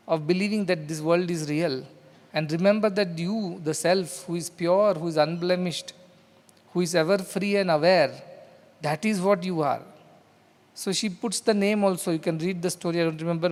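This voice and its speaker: A man from India, a spiritual teacher, giving an explanatory discourse and acting out what a child says. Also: high-pitched. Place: large hall. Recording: hall reverb.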